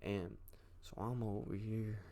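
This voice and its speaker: A young man with a low, gravelly voice tells a rambling story in casual slang. His talk is loose and profane, the easygoing style of a storytime clip. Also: flat delivery, measured pace, warm tone, slight background noise.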